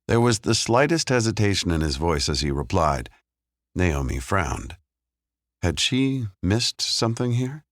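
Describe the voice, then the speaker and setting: Man reading a thriller audiobook, extremely deep voice, measured delivery, dry close studio sound. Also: no room sound. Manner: measured, even storytelling. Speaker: audiobook narrator. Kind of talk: scripted narration.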